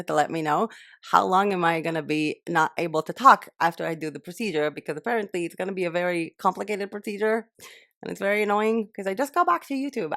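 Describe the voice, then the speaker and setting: A woman's voice: fairly low pitch, a bit bright, no echo, clean studio sound. Lisping young woman talking through jaw pain. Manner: chatty, self-deprecating, laughing through pain. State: jaw pain from wisdom teeth, slight lisp. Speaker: channel host. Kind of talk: casual vlog chat and bloopers.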